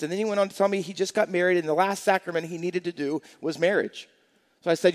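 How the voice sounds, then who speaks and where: A pastor telling a story and preaching with emphasis. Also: male voice, a little high, quick pace, creaky, darkish tone, long reverb tail. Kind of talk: sermon.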